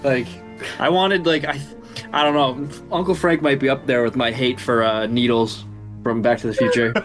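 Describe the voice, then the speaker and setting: A man's voice: mid-range voice, steady tone, normal speed, soft background music. A man co-hosting a casual film review podcast, ranting and swearing often, laughing between points. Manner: swears a lot, rants with laughter. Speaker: podcast co-host.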